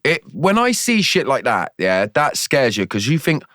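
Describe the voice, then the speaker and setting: A man's voice: mid-range voice, huge pitch swings, moderate pace, fairly bright tone, no room sound, clean studio sound. A man co-hosting a casual podcast chat, telling dad jokes and laughing often. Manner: jokey, laughs often, playful storytelling. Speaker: podcast co-host.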